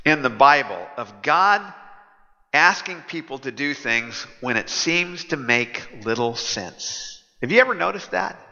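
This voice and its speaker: A man's voice: medium pitch, expressive, measured pace, creaky, bright, forceful tone, faint music behind. A man preaching a sermon in a conversational, humorous way, chuckling as he tells stories. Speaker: pastor. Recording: dull echoey hall.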